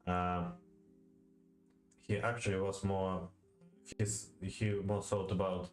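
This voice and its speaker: A man's voice: deep voice, level tone, slow pace. A man who speaks Russian as his first language, working through a poetry lesson aloud. He hesitates a lot, with many fillers, restarts and repeated words. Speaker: language learner. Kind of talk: thinking-aloud study session. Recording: roomy echo, faint music behind.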